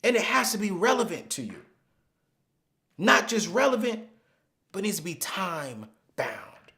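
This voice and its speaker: A man hosting a live finance webinar, speaking emphatically and repeating phrases, sometimes dropping to a hushed storytelling voice. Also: sits high, big pitch swings, measured pace. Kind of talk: live motivational money teaching.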